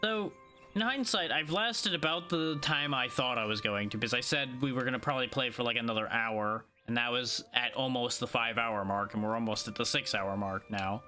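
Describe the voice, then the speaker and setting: A male streamer, yawning and worn out after hours of play, chats casually through his choices. His voice has a bright, forward edge. Faint music plays behind him. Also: medium pitch, fairly quick. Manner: laid-back, sleepy, thinking aloud. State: tired, yawning. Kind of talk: casual gameplay commentary.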